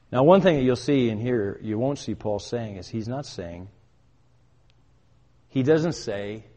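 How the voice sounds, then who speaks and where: An older man preaching a sermon, his voice carrying with a long reverb like a large hall. His pitch sits in an ordinary middle range. He speaks emphatically, puts questions to the congregation and rises to loud, urgent commands. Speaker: pastor.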